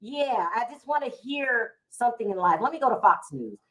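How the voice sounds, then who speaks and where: A woman's voice: a little high, animated, normal speed, a bit bright. A middle-aged woman, hosting a casual live stream from home, chatty and emotional as she talks to her viewers. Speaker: vlog host going live.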